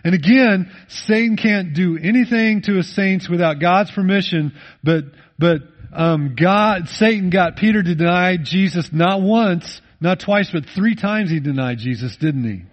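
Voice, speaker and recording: Preacher man with a lo-fi sound. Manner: rises loud and emphatic, then drops low and intimate; slows down to read scripture. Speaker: pastor. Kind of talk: sermon. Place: church.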